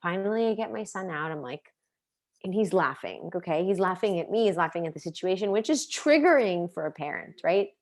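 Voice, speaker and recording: Earnest woman parenting coach, lowish voice. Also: expressive, fairly quick. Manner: earnest, asks many questions, shares personal stories. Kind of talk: online class talk.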